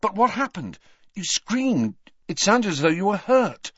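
A man voicing an earnest teenage schoolboy who asks eager, quick questions. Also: sits high, sing-song, husky, no echo, pitched above the performer's own voice, exaggerated voice. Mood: urgent. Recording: dry, dull lo-fi.

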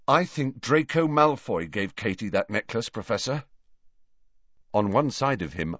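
A male audiobook narrator with a mid-pitched voice that swings widely as he tells the story. The sound is very dry and close, and slightly dull and lo-fi. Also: no echo. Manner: expressive, varied storytelling. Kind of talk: scripted narration.

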